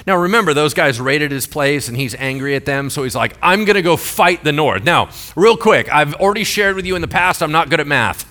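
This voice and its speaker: A man's voice: fairly high pitch, expressive, fairly quick, few pauses, pushed and bright. A pastor in his forties preaching a sermon in a church, talking in a joking, conversational way and throwing questions to the congregation. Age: 40s.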